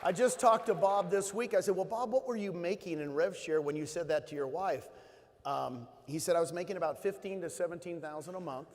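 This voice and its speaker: A man's voice: high-pitched, brisk, a little mellow, a faint crowd. Man telling stories in a reverberant hall. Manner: emotional storytelling, rising to emphatic bursts. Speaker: motivational speaker. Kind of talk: motivational talk to an audience.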